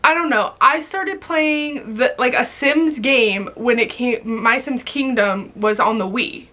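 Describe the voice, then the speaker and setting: A woman's voice: fairly high pitch, slow, bright, forceful tone. A young woman vlogging in a rambling, giggly casual chat, full of fillers.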